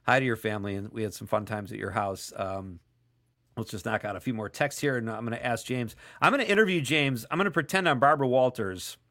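A man's voice: mid-range voice, animated, fast, fairly bright tone. Talky radio host guy, jokey, reading out texts from listeners. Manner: chatty, joking, reads listener texts aloud. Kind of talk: casual call-in radio chat.

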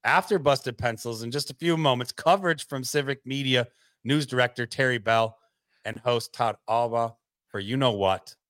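A man's voice: medium pitch, normal speed, fairly bright tone, dry recording. A man co-hosting a radio talk show, chatting casually and making sarcastic jokes. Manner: joking, sarcastic. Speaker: radio co-host.

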